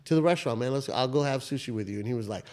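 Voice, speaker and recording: A man in his thirties talks very fast in a mid-range voice while co-hosting a podcast and retelling a story in casual chat. He rambles with animation, restarts again and again, swears a lot and keeps saying "I was like."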